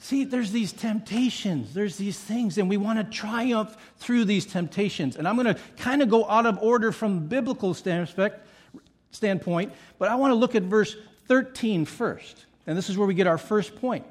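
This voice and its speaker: A man's voice: high-pitched, moderate pace. A middle-aged male pastor preaching a sermon with emphatic repetition and playful asides.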